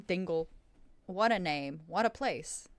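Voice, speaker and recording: A young woman hosting a casual livestream Q&A, excitable and quick to laugh, swearing freely. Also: on the low side, dry recording. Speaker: streamer hosting a Q&A.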